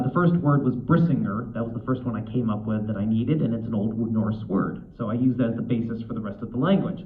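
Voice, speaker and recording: A man speaking at a convention panel, chatty and self-deprecating, with frequent fillers and restarts. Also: medium pitch. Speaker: author and convention guest. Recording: tinny echoey hall recording.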